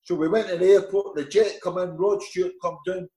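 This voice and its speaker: A middle-aged man with a Scottish accent, a former footballer telling animated anecdotes in an interview, acting out the voices in them. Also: high voice, a little fast, reverberant, poor audio. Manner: lively, animated storyteller acting out dialogue. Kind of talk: anecdotal storytelling.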